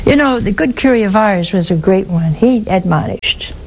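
A woman giving a sermon in a slow, deliberate way, with asides and some softly whispered stresses. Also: medium pitch, animated, background noise. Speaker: preacher.

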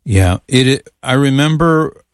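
A man's voice: medium pitch, expressive, a little slow, no room sound, studio quality. A man hosting a call-in radio show, chatting in friendly, jokey banter with callers and his co-host. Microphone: studio mic.

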